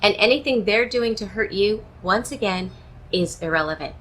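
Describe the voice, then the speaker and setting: Measured woman coaching on relationships. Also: medium pitch, a bit bright, poor audio. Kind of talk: direct-to-camera advice talk.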